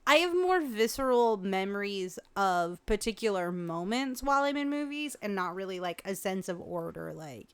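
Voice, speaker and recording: A woman co-hosting a casual podcast chat, talking in a chatty, playful way and often pausing to search for words. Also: medium pitch, lively intonation, smooth. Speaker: podcast co-host.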